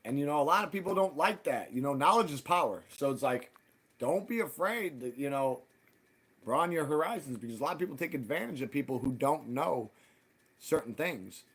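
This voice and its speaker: A man's voice: on the high side, animated, a little fast, breathy edge. A man hosting a live stream, telling a heated, profane story and acting out both sides of past arguments. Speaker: livestream host.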